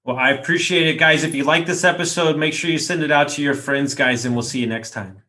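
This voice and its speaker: A man with a bright, forceful voice hosts a casual podcast chat. He tells his anecdotes with animation and a loose, slangy delivery. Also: a little high, fairly quick. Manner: animated storyteller, slangy, says dude. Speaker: podcast host.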